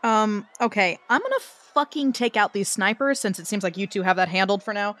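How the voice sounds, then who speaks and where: A player in a tabletop game session, swearing, joking and loud. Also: medium pitch, animated, a little fast. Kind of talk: casual gaming chat.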